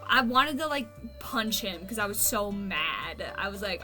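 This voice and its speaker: Woman streamer, bright and blunt. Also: mid-range voice, animated, a little slow, hardly any pauses, soft background music. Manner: venting, blunt and profane. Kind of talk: casual chat while gaming.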